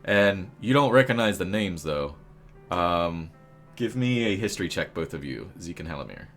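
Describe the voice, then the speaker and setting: A man's voice: sits low, expressive, normal speed, a bit bright, faint music behind. A man narrating as game master in a tabletop game, rambling with many fillers and jokey asides.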